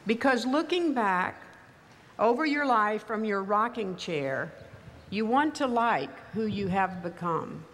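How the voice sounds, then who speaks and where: An older woman with a mild Texas accent, giving a commencement speech in a measured, wry storytelling manner. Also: mid-range voice, lively intonation, a bit bright. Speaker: commencement speaker. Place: large ceremony venue. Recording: reverberant hall, faint ambience.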